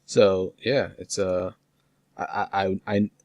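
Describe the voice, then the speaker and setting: A man co-hosting a podcast in casual chat, talking quickly and stumbling through restarts. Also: low-pitched, steady tone, darkish tone, no echo, lo-fi sound. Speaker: podcast co-host.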